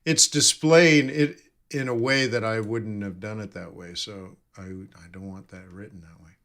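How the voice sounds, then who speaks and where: A man's voice: fairly low pitch, fairly even intonation, moderate pace, a bit bright. A man giving live trading commentary, thinking aloud and correcting himself as he reads numbers off charts. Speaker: forex trading streamer.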